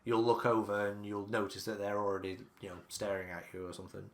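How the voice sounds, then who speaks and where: A man's voice: lowish voice, level tone, fast. A man narrating a tabletop game as game master, describing things in a rambling way with many ums and restarts.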